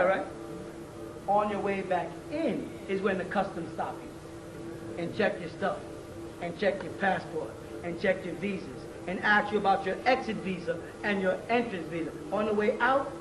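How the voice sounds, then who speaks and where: A man with a very high voice lectures a live audience in loose street slang, stopping again and again to ask if they follow. He sounds far from the microphone, in a roomy, echoing hall. A faint hiss sits under the old tape recording. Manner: casual, slangy, keeps checking with the audience.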